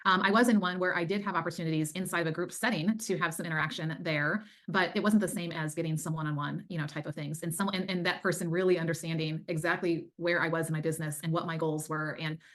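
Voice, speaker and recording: A woman's voice: sits low, steady tone, quick pace, hardly any pauses, a bit bright. A middle-aged woman, a time management coach, telling her story as an interview guest in an earnest, faith-filled way. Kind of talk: casual interview chat.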